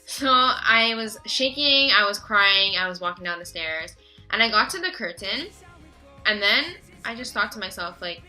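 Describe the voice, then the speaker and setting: A teenage girl telling a story in a casual vlog, gushing and excitable and talking fast. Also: medium pitch, soft background music, rough recording. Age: teens. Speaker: vlogger.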